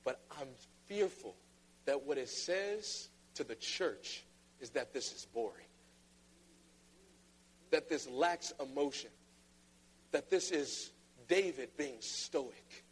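A man preaching a sermon, playful and then emphatic, often mimicking flat reading voices. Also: mid-range voice, slow, long pauses, breathy edge. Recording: long reverb of a large hall.

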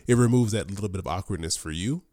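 Quick-talking man co-host, low voice. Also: dark tone, no echo, clean studio sound. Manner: quick, chatty, laughs often. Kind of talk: casual livestream chat.

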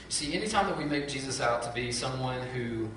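A man, preaching a sermon as a pastor in a lively, conversational storytelling way full of asides. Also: medium pitch, fast, noisy background. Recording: very echoey hall from far off.

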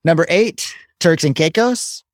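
A man's voice: on the high side, measured pace, no echo. Dry-humored man reading out a list. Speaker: co-host. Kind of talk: casual chat.

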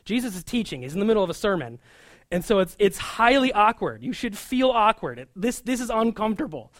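A man, a pastor, giving a conversational sermon, animated and chatty with frequent asides. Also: high-pitched, a little fast, no room sound, studio quality.

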